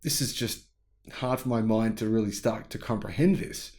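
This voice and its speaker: A YouTube channel host with a lowish, darkish voice and moderate pace offers casual, opinionated commentary on news reports, thinking aloud along the way.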